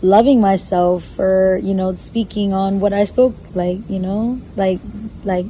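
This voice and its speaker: A passionate woman speaking as a podcast guest, her voice mellow and warm. She talks casually, slips into the voices in her own head and swears without a second thought. The recording picks up a faint hiss of background noise. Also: medium pitch, steady tone, unhurried, low-quality recording. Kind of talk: casual conversation. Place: outdoors in a gazebo.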